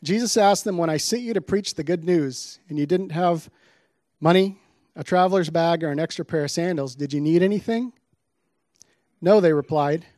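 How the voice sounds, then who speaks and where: Man, sermon, scripture reading, slightly high voice, dry sound. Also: a little fast, mellow, no room sound. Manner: reads scripture with dramatic emphasis on quoted lines. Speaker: preacher.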